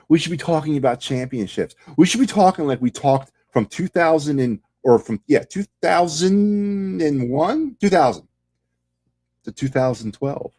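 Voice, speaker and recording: A man's voice: mid-range voice, mellow, breathy edge. A man hosting a sports podcast, delivering a heated, sarcastic fan rant full of rhetorical questions.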